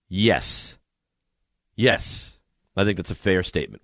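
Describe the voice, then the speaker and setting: A man's voice: low voice, slow pace, dry recording, clean studio sound. A man co-hosting a casual chat, telling self-mocking stories about coaching a youth basketball team. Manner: animated, self-mocking storytelling.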